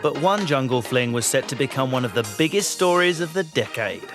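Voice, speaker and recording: A man's voice: medium pitch, animated, a little fast. A man giving cheeky, punning scripted narration. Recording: narration over loud music.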